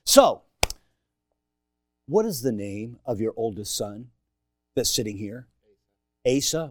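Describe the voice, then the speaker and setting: A middle-aged man preaching a sermon in a church, swinging from shouted emphasis to hushed asides and joking with the congregation. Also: mid-range voice, big pitch swings, unhurried, pauses often, no room sound, clean studio sound. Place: church sanctuary.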